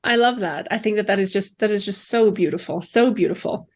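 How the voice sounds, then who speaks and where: A woman's voice: medium pitch, brisk. A woman hosting a casual interview, reacting effusively to her guest and asking rambling questions. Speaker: host.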